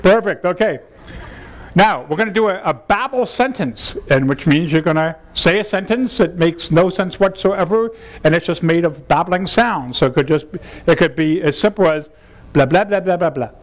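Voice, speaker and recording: A man's voice: sits high, expressive, normal speed. A man leading a humorous seminar workshop, playful and laughing as he coaxes the audience through exercises. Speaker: seminar leader.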